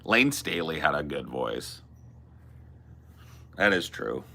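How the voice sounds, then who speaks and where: Slow-talking laid-back man in his forties. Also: very deep voice, very animated, vocal fry, pushed and bright. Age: 40s. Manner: laid-back, rambling, swears casually. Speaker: podcast host. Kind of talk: casual chat.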